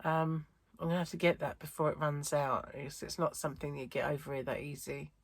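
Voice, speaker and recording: Her voice sits low and level, moving a little fast with no room sound. This middle-aged crochet vlogger from the UK has a wheezy chest and chats in a tired, rambling, self-interrupting way.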